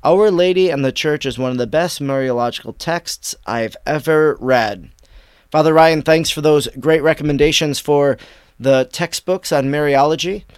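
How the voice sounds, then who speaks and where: A man hosting a devotional podcast, reading tweets aloud and reflecting on them in warm commentary. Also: fairly high pitch, moderate pace, clear, resonant tone, dry recording, studio quality. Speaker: podcast host.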